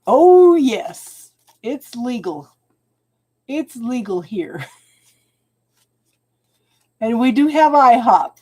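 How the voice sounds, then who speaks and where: Speaking very slowly and pausing often, a woman with a fairly high, animated voice does live tarot readings, chatting warmly with her audience and calling them hon. The cards leave her emotional and near tears, and there's a little background noise.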